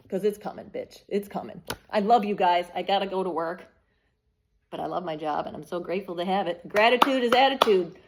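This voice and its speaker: A woman's voice: mid-range voice, brisk, slight background noise. A woman giving a collective tarot reading, speaking bluntly and emphatically, with frequent swearing. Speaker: tarot reader.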